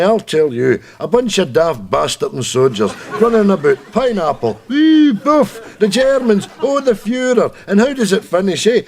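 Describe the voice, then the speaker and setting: An actor with a Scottish accent playing a grumpy old man called Jack, bickering and grumbling in a sketch comedy. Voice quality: grumbling, bickering, lively pitch.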